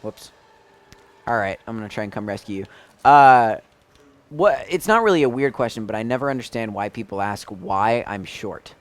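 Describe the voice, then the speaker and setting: Young American guy, guest on a gaming chat show, easygoing talk that jumps to loud shouts at the screen. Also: fairly low pitch, normal speed. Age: young adult. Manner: bursts into excited shouting at the game. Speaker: celebrity guest. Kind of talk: casual chat while playing a video game.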